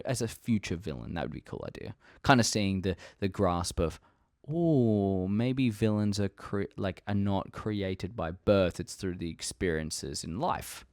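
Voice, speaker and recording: A young man hosting a fan channel, chatting casually and excitedly about theories, rambling, swearing freely and laughing at himself. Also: low voice, no echo, clean studio sound.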